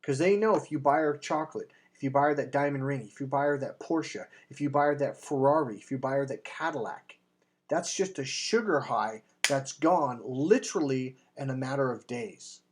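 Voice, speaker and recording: A man with a husky, slightly breathy voice at an ordinary middle pitch delivers a persuasive self-help pitch. He talks as a dating coach, emphatic and blunt, swearing casually as he pushes his point. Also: moderate pace. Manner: acts out quoted voices in anecdotes. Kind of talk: persuasive sales monologue.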